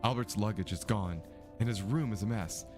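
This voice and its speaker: A man's voice: fairly low pitch, normal speed, over music, natural voice. A man voicing an earnest young woman amateur detective in a mystery game, reading her dialogue steadily in his own voice.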